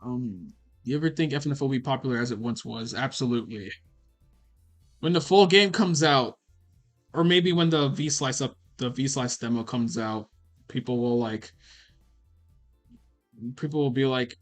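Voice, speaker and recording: A man's voice: medium pitch, moderate pace, long pauses, faint music behind. A young man answering chat questions on a casual livestream, rambling and swearing with many fillers. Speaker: animator streaming a Q&A.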